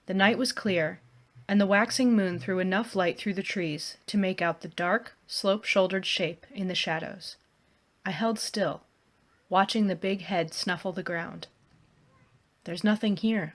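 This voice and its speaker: A woman, an author, narrating her own first-person adventure novel in a hushed, even storytelling manner. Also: mid-range voice, a little slow.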